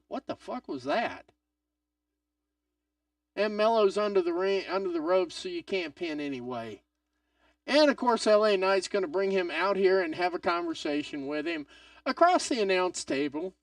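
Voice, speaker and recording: A man hosting a live wrestling watch-along stream, excitable and swearing, swinging from loud outbursts to mutters. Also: high-pitched, creaky, no echo, studio quality, recorded from a distance.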